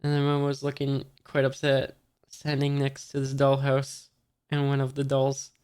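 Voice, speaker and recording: Reading a comic chapter aloud in a relaxed way, this person keeps pausing and losing track of who the characters are. The mid-range voice is monotone, smooth and a little mellow at normal speed, and dialogue is read almost flatly.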